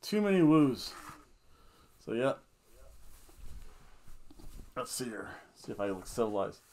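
A man's voice: medium pitch, very animated, slow, a little mellow. A man giving a casual, rambling, jokey wrestling review full of fillers and restarts.

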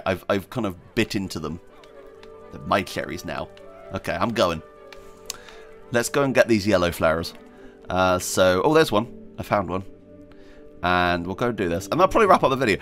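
Excitable man playing a game. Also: low voice. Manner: excitable, squeals with delight, chatty. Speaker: gaming video host. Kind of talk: let's play commentary.

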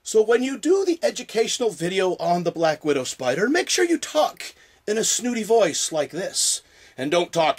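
Excitable high-voiced man vlogging. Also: normal speed. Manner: excitable, rambling, jokey. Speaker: spider video creator. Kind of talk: casual vlog.

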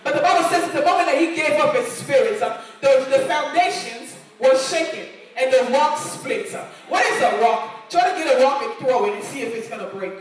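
A woman's voice: high voice, animated, fairly quick, few pauses. A woman preaching a sermon in a church, earnest and repeating lines for emphasis. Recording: echoey church hall, voice from far off.

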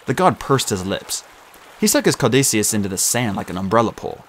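A man narrating an audiobook in an expressive, lively way. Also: on the low side, a little fast, slight background noise.

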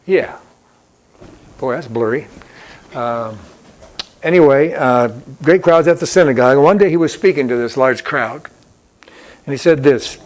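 A man's voice: medium pitch, normal speed, long pauses. A man preaching a sermon as pastor in a church, in a conversational storytelling way that repeats key points.

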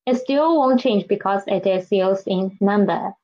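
A woman teaching a recorded Chinese language lesson, slow and patient, repeating each example and checking understanding. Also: mid-range voice, mellow. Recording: dull lo-fi recording.

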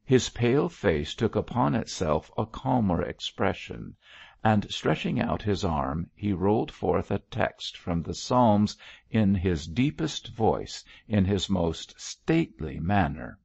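Male narrator for a classic novel; low gravelly voice, lively intonation. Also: slow, dry recording, highs cut off. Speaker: audiobook narrator. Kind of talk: scripted narration of a Victorian novel.

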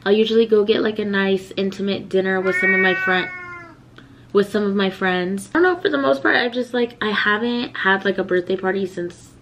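A young woman of twenty rambles to her viewers in a loose, chatty vlog, full of likes and restarts. Her pitch sits in the middle, and faint noise hums underneath. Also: brisk, fairly bright tone, poor audio. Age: 20s. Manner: rambling, chatty, lots of fillers. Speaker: vlogger. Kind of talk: casual vlog chat.

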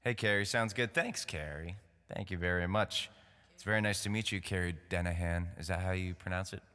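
A man's voice: deep voice, a little fast, bright, forceful tone, long reverb tail. A man with a New York accent hosting a live concert from home, chatting casually and joking loosely between songs. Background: acoustic guitar playing.

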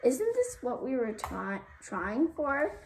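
A woman's voice: a little high, very animated, slow pace, heavily acted. A woman voicing a spunky young girl who talks bluntly and plainly. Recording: roomy, distant mic, faint noise.

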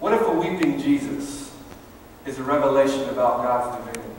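A male pastor delivering a sermon in a church, preaching with passion and swinging between soft, low passages and loud, high peaks. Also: brisk, recorded from a distance, slight background noise. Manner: impassioned, rising and falling preaching. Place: church sanctuary. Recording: very echoey church hall from afar.

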